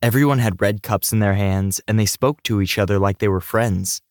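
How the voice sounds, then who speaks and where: A man narrating an audiobook in a steady, even storytelling manner. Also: lowish voice, normal speed, dry recording, studio quality.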